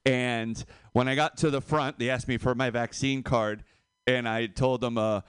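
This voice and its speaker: A man doing a stand-up comedy set, animated and laughing at his own jokes. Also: mid-range voice, moderate pace, clear, resonant tone, no room sound, clean studio sound.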